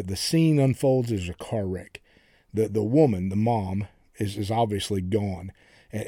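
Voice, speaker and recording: A middle-aged man preaching a sermon in an earnest way, often repeating words and rising in pitch when he declares something. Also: warm tone, dry recording, studio quality. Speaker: pastor.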